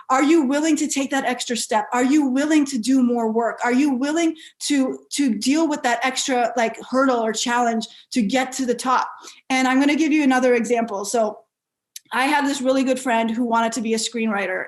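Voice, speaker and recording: Woman doing a motivational keynote, fairly high voice, tells stories all animated, restarts a lot. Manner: animated storytelling with frequent restarts. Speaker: keynote speaker.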